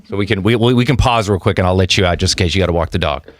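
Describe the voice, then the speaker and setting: A man's voice: low-pitched, very fast. A man hosting a podcast interview, playful and eager, joking with his guests. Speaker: podcast host. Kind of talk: casual interview chat.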